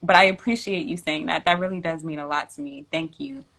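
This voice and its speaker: A woman's voice: low-pitched, brisk, creaky, a bit bright. A woman hosting a tarot livestream from home, chatting casually in slang, laughing often and reading out viewer comments.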